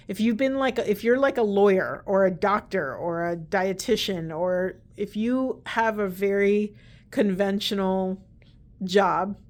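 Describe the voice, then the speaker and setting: A woman talks through an oracle card reading in a loose, chatty way, earnest and rambling, circling back with frequent restarts. Her voice sits at an ordinary middle pitch. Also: a little mellow. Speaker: tarot and oracle card reader. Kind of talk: casual spiritual card reading to camera.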